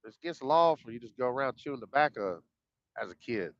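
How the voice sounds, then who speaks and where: A man's voice: medium pitch, expressive, quick pace, a bit bright, no room sound. A man telling a personal story in a folksy, rambling, colloquial way, acting out the dialogue. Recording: dull lo-fi dry sound.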